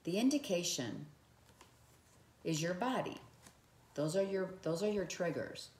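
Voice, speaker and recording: A relationship advice vlogger talks to camera with earnest motivation, addressing the viewer directly and often repeating phrases. Her fairly low, slightly mellow voice has lively intonation and an unhurried pace, in a reverberant space.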